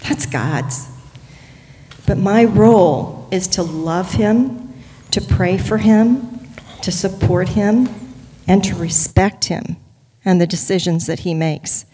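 An older woman sincerely sharing a personal testimony about her marriage, speaking deliberately. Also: fairly low pitch, warm tone, husky, long reverb tail.

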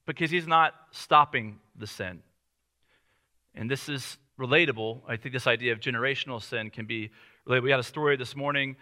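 A man in his thirties preaching a sermon as pastor, telling family stories in a relaxed, conversational way with light laughter. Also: on the high side.

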